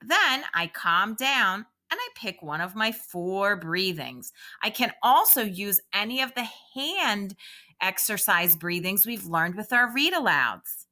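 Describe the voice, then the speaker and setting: A woman teacher reads aloud to young children at an unhurried pace, leading a calming exercise in a sing-song way. Her voice is bright and clear, and it rises and falls a great deal. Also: mid-range voice.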